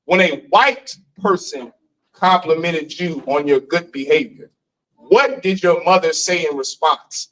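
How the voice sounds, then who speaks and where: A man giving an animated lecture to a live class, often questioning his listeners. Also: on the high side. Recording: voice from far off.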